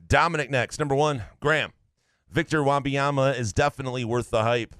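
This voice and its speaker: A man's voice: mid-range voice, fairly even intonation, brisk, fairly bright tone, dry recording. A man co-hosting a casual sports podcast, reading listener takes in a blunt, profane way. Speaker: podcast co-host.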